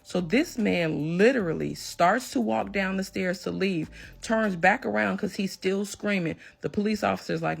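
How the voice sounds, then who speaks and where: A woman telling a personal story in an emphatic, animated storytime manner. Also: mid-range voice, moderate pace, gravelly, husky. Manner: emphatic, animated when retelling a confrontation. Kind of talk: storytime recounting a personal drama.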